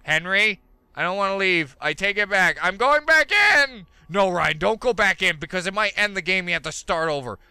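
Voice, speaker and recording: A man's voice: high-pitched, fairly quick, creaky, bright, forceful tone, clear, resonant tone, no room sound. A young man doing let's play commentary, jumpy and goofy, joking with his pet while he plays. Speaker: gaming video host.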